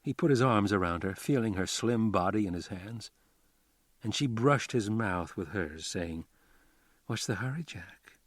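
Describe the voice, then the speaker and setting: A man narrating a crime novel audiobook with a calm, measured reading. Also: on the low side, no room sound, studio quality. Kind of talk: scripted narration.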